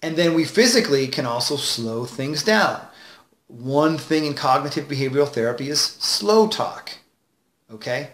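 A man as a confidence coach, giving advice straight to camera with clear enunciation, shifting tonality and deliberate pauses. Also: on the high side, lively intonation, a bit bright, reverberant. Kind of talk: direct-to-camera advice video.

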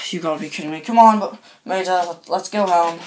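A woman voicing a quiet, exasperated male spy car who talks in a weary deadpan. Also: lowish voice, fairly quick, a little hiss or hum, voice pushed down, natural voice.

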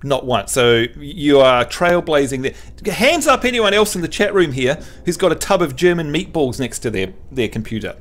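Chatty male game streamer, slightly high voice. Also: very animated, moderate pace, hardly any pauses, a bit bright. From New Zealand. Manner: chatty, jokey, teasing the chat. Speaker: livestream host. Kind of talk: casual livestream chat and game tutorial.

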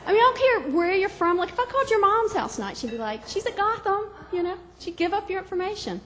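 A woman's voice: extremely high pitch, animated, fast talker, big-room sound. A woman from Georgia doing stand-up comedy on a club stage, bubbly and giggly, chatty with the crowd.

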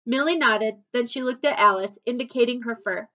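A woman reading a children's novel aloud with expressive, unhurried narration. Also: fairly high pitch. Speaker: storybook reader. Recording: dull lo-fi recording.

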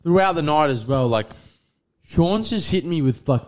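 A man's voice: fairly high pitch, expressive, moderate pace, darkish tone. A young man, co-hosting a podcast and telling long stories about a night out with friends. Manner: rambling storyteller, many fillers, quotes friends. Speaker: podcast co-host. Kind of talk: casual chat.

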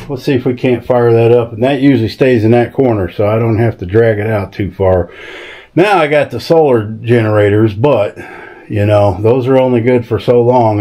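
A man's voice: mid-range voice, darkish tone, slight background noise. A man chatting casually in a folksy, easygoing way while he works outdoors on his rural property. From American South. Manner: easygoing, folksy, talks to animals. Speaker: vlogger. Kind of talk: casual vlog narration.

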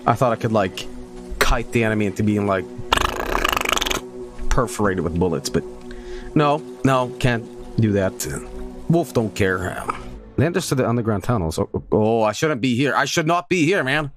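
A man's voice: expressive, moderate pace, long pauses, over music. A young man streaming a horror game, joking, swearing and yelping in fright. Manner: jokey, swearing, sudden high yelps. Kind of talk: gaming stream commentary.

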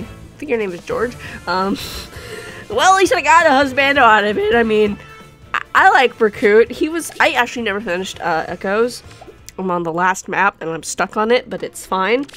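A young woman giving casual, excitable commentary on her game summons, pleading and laughing often. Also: medium pitch, moderate pace, faint music behind. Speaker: gaming YouTuber.

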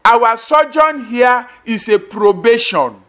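A man's voice: very high voice, expressive, takes it slowly, fairly bright tone. A man preaching a sermon as pastor, emphatic and repetitive, with sudden bursts and drops.

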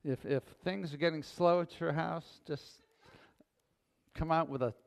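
Slow-speaking male pastor preaching. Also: a little high, vocal fry. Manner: folksy, playful, unhurried preaching. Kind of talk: sermon and closing prayer. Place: church sanctuary.

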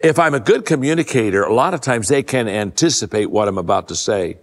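An older man giving a conversational leadership talk to a live audience, a folksy storyteller who restarts his sentences often and drops his voice low to stress a point. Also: expressive, a little fast. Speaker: leadership speaker. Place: large event hall. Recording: long hall reverb.

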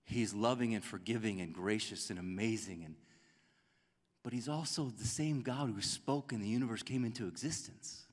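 A man preaching a sermon as a pastor, in a conversational, animated way that acts out quotes. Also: lowish voice, moderate pace, in a large hall. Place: church sanctuary.

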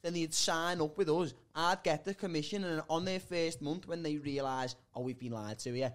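Brief: higher-pitched bloke, rambling sweary storyteller, podcast co-host. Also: male voice, moderate pace. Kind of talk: casual comedy chat.

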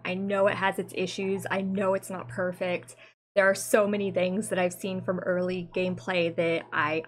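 A woman in her late twenties talking through a let's play video in a chatty, rambling way, nostalgic about her teenage years. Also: fairly low pitch. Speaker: gaming creator. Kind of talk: casual let's play commentary.

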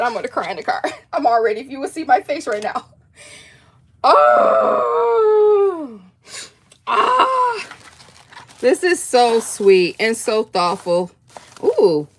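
A woman with excitedly unboxing gifts on a livestream, gushing, gasping and laughing often. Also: a little high. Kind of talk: excited live unboxing chat.

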